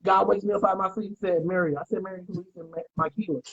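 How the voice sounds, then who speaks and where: A man spins animated stories in a relaxed podcast chat, slipping into quoted voices and street slang as a co-host. His husky, breathy voice is high-pitched and rapid-fire, and the audio sounds dull and lo-fi.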